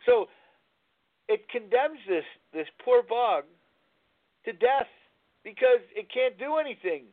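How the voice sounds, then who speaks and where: Over a thin, phone-style line, the host of a recovery-themed talk radio program meanders through a story, groping aloud for the right words. He speaks slowly, his very high-pitched voice full of lively intonation.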